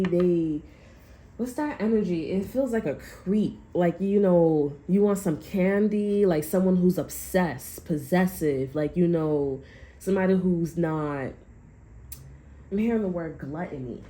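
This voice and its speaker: With a warm, lowish voice, a tarot reader chats loosely to her viewers during a casual reading. She swears freely, uses fillers, and keeps going through restarts.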